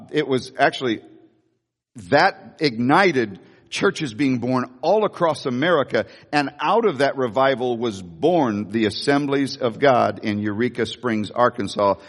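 An older male pastor preaching to his congregation, telling homey stories with lots of stumbling restarts. His voice sits in a middle register. The sound carries a long reverb, as in a large hall. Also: medium pitch. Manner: folksy storytelling with repeated restarts. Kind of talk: sermon. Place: church sanctuary.

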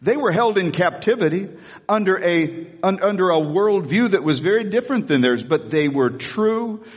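A man pastor preaching an animated sermon, retelling a story with asides, repeating key lines for emphasis. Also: high voice, moderate pace, breathy edge, in a large hall. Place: church sanctuary.

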